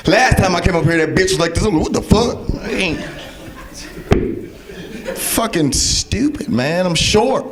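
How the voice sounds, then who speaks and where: A young man performing a loud, profane stand-up set with crowd work on a club stage. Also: sits high, animated, unhurried, pauses often. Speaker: stand-up comedian. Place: comedy club stage with audience. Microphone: handheld stage mic. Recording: live club, audience laughing. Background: audience laughter.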